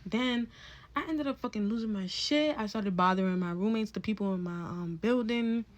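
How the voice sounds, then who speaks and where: A woman's voice: medium pitch, normal speed. A woman telling a candid personal story in a casual vlog, rambling and swearing freely.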